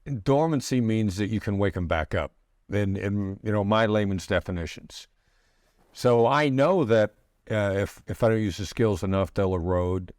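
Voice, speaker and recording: A middle-aged man, a negotiation expert guest in an interview, explaining his ideas in a measured way with pauses and restarts. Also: lowish voice, darkish tone, dry recording, clean studio sound. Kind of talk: conversational interview answers.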